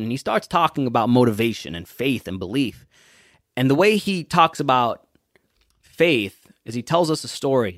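A young adult man hosting a motivational podcast, telling a story and preaching with emphatic, drawn-out words. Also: mid-range voice, no room sound, clean studio sound. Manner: preachy, emphatic, stretching key words slowly.

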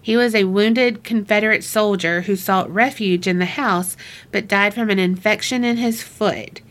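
A woman's voice: mid-range voice, moderate pace, a bit bright. A woman co-hosting a podcast, telling ghost stories in a giggly, chatty way. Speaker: podcast co-host. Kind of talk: casual chat.

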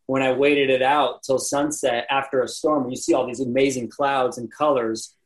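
A man guesting on a podcast, telling a backpacking story in a casual, animated way, acting out other people's lines and often laughing. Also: medium pitch, poor audio. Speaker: podcast guest, landscape photographer.

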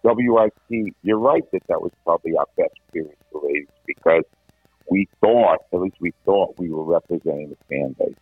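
A middle-aged man, a veteran sports radio host, telling stories in animated casual chat with many restarts. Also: low-pitched, normal speed, breathy edge, no echo. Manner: animated anecdotal, frequent restarts. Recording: tinny phone-like line.

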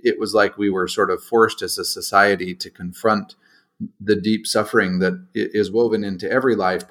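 A man's voice: sits low, fairly bright tone. A man hosting an interview, talking in a thoughtful, searching way with frequent restarts. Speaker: podcast host. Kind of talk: reflective interview conversation.

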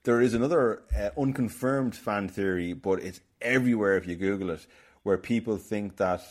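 On his relaxed film podcast, this Irish host tells rambling, chatty stories, restarting often. He speaks at a moderate pace in a voice on the low side.

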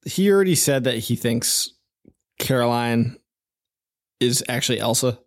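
A man's voice: medium pitch, lively intonation, measured pace. Young man with wry asides. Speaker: podcast co-host. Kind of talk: casual movie chat.

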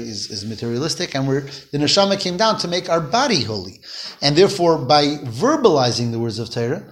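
A man's voice: a little high, a bit bright. Questioning male Torah teacher. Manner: explains slowly, asks students questions, repeats phrases. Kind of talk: classroom Torah lesson.

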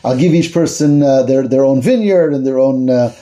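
A man's voice: mid-range voice, normal speed, dark tone, voice pushed down, natural voice. A man voicing a taunting, boastful envoy. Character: arrogant male royal envoy, mocking and threatening.

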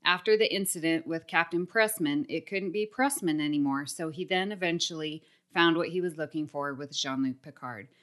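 A woman's voice: low voice, moderate pace, few pauses, a bit bright. A woman hosting a casual podcast, upbeat, laughing often and reading listener mail aloud. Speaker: podcast host.

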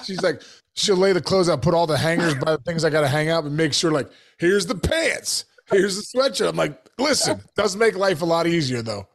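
A man's voice: fairly high pitch, expressive, a little fast. A man co-hosting a sports talk show, telling rambling home stories in casual banter and calling his partner dude. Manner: rambling storyteller, says dude a lot. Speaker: co-host.

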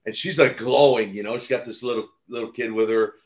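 An older man speaks at a middle pitch in a casual interview, telling stories with animated energy and chuckles. He often restarts and repeats words. The audio is a bit dull and lo-fi. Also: brisk. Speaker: guest, retired pro wrestler and minister. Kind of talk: casual storytelling in a podcast interview.

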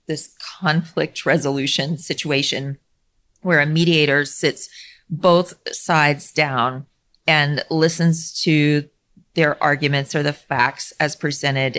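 A middle-aged woman hosting a podcast, telling a story in a calm, measured way that sinks to a near-whisper for emphasis, with light laughs. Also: sits low. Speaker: podcast host. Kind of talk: reflective storytelling monologue.

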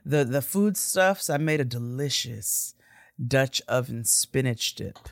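A woman's voice: extremely low pitch, animated, slow pace, no echo. Playful, slangy woman co-hosting a podcast. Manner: playful and slangy, breaks into sing-song bits. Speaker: podcast co-host. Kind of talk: casual chat.

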